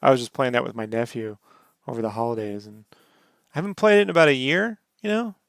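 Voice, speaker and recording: A man's voice: medium pitch, fast talker, creaky, dry recording, clean studio sound. A man co-hosting a casual podcast, laid-back and joking, swearing freely as he talks games. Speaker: podcast co-host. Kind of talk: casual chat.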